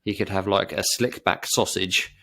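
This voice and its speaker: A man's voice: low voice, fairly even intonation, moderate pace, sharp tone. A man co-hosting a casual podcast, laid-back and rambling, with joking asides. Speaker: podcast co-host. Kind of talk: casual chat.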